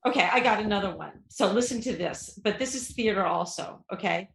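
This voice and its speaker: A woman from Vermont co-hosting a podcast, playful and quick to laugh. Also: mid-range voice, animated, gravelly, fairly bright tone. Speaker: podcast co-host. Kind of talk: casual podcast banter and guest introduction. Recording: echoey room.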